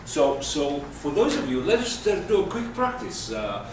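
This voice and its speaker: A man's voice: on the high side, sing-song, moderate pace. A man teaching a class, patiently explaining with everyday examples. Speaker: Hebrew teacher. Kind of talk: classroom lesson. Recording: echoey room from far off, faint noise.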